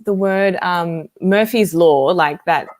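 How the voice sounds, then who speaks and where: Easygoing woman guest, lower voice. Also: slow pace, darkish tone. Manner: easygoing, laughs often, tells anecdotes. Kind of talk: casual video-call chat. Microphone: video call.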